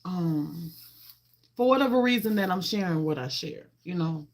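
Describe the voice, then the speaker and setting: This vlogger chats on a livestream with a low-ish, expressive voice at a moderate pace. She greets viewers by name and speaks in a heartfelt, emotional way, often saying the same things again.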